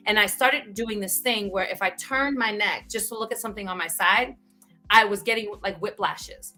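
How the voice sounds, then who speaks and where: Guest woman, bright and a touch high, animated personal storytelling, faint music under. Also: moderate pace. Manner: animated, frequent "right?" tags, bursts of laughter. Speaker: guest speaker. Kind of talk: candid conversational storytelling.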